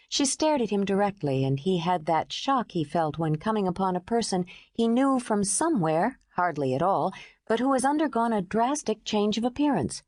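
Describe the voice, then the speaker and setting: A woman narrating an audiobook in smooth, expressive storytelling. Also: mid-range voice, no room sound, clean studio sound.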